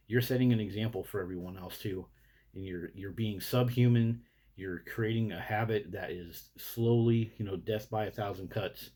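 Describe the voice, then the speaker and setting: A man's voice: fairly low pitch, darkish tone, husky. A man delivering a blunt, indignant, profanity-laced rant to camera as a vlogger. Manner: blunt, indignant, heavy swearing.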